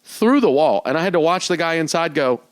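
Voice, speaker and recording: High, lively-voiced man telling stories. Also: a little fast, no room sound. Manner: animated, acts out voices in anecdotes, swears freely. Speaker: podcast host. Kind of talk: casual storytelling chat.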